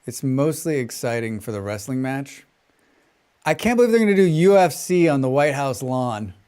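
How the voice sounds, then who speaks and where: A man chatting in a smooth flat American voice. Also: medium pitch, normal speed. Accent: flat General American. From western United States. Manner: chatty, rambling, hums and scats to himself between remarks. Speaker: game streamer. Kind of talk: casual chat while gaming and reading chat.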